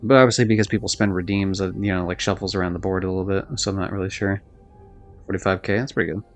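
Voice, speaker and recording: A man's voice: sits low, fairly even intonation, fast talker, soft background music. A man streaming a video game live, chatting loosely and rambling, swearing now and then. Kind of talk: casual live-stream chat while gaming.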